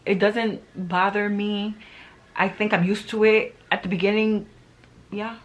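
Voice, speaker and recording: Speaking at medium pitch with a flat delivery and measured pace, a middle-aged woman addresses her viewers in a casual, motivational way. She is earnest and emphatic, repeating phrases to drive home each point.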